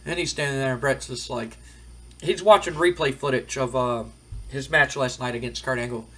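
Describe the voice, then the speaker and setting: A man's voice: mid-range voice, normal speed, a bit bright. A man casually recapping a game playthrough in a rambling, loose way, with a dry throat. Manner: rambling, loose retelling with frequent fillers. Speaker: game commentator.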